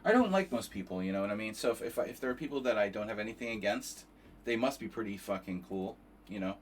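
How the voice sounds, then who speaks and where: Rambling male chess streamer, low-pitched, tired and profane, loose casual talk. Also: animated, fast, slight background noise. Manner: rambling and profane, many restarts.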